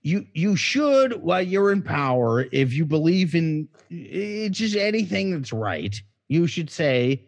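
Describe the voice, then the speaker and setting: A man's voice: fairly high pitch, big pitch swings, slow pace, hardly any pauses. Drunk, rambling male co-host. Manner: profane, rambling, slurring. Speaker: podcast co-host. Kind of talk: casual podcast banter.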